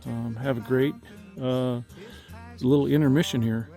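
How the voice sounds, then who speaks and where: A man's voice: medium pitch, fairly even intonation, a little slow, gravelly, mellow, soft background music. Rambling folksy man in his fifties. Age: 50s. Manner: rambling, folksy, many fillers. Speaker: vlogger. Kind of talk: rambling outdoor vlog. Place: outdoors at night in the countryside.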